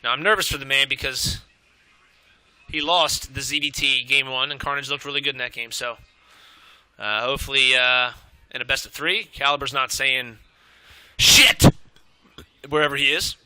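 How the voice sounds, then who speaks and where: A young man commentating a strategy game match, excitable and out of breath, swearing and rambling as he calls the play. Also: medium pitch, moderate pace, clear, resonant tone, dry recording.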